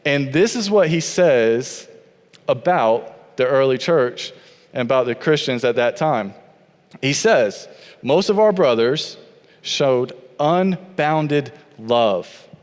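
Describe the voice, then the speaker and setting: A man's voice: mid-range voice, expressive, slow. A man preaching a sermon as pastor, with an earnest, repetitive cadence. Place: church sanctuary. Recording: long church hall reverb.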